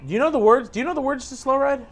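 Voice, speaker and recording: A man's voice: very high-pitched, racing. A man co-hosting a casual gaming chat, joking around and humming along. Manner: joking, sings along off-key and hums riffs. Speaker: co-host. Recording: game music playing behind.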